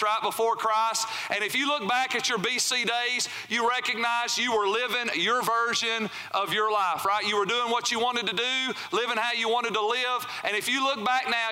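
A man's voice: sits high, sharp tone. A male pastor preaching a sermon in church, talking conversationally and often asking the congregation "right?". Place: church sanctuary.

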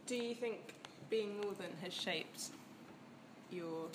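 Woman interviewer, soft casual questions, mid pitch, faint background hiss. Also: takes it slowly.

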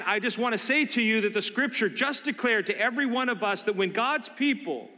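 A man's voice: very high-pitched, brisk, few pauses, pushed and bright, long reverb tail. A man preaching a sermon, emphatic and questioning his listeners as he reads and explains scripture. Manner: emphatic, asks the congregation questions. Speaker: pastor.

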